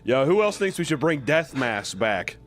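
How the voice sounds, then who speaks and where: A man co-hosting a casual horror podcast, joking loudly and laughing often. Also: mid-range voice, big pitch swings, moderate pace. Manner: loud, giggly, riffs into silly voices. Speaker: podcast co-host.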